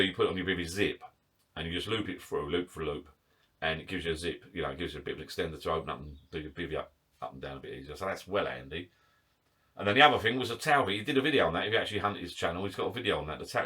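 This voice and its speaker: A man's voice: sits low, pushed and bright, breathy edge. A man chatting casually to camera in his garden shed bar, rambling, self-mocking and a little out of breath. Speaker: vlogger.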